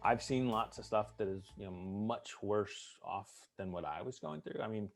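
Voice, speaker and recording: A middle-aged man with a fairly low voice tells his stories in a relaxed interview. He is good-humored and likes to act out the voices of the people in them. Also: moderate pace, creaky, soft background music. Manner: humorous storyteller, acts out drill instructor voices. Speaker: veteran interviewee. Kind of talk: storytelling interview.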